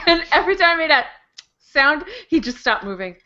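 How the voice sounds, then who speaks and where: A woman co-hosting a book club on a video call, giggly and lively. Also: sits high, moderate pace. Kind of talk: casual video-call chat. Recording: dull lo-fi webcam call audio.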